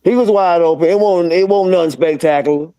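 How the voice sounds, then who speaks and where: A man's voice: high-pitched, brisk, a crowd in the background. A man co-hosting a casual sports talk show, bantering with heavy slang, swearing and frequent laughter. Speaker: podcast co-host.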